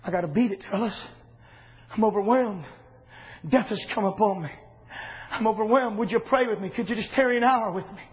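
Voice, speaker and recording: A heavy-hearted man facing death who begs his companions to stay and pray with him, put on by a man in the middle of a sermon. The voice sits high but sinks low and soft. He sounds weary and overwhelmed. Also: fairly quick, long pauses, natural voice. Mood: pleading. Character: sorrowful grown man facing death, pleading.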